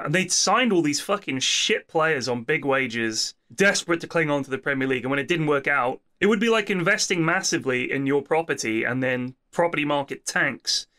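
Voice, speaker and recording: A man co-hosting a podcast, talking in casual, sweary, animated rants. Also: on the high side. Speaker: podcast co-host. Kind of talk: casual chat.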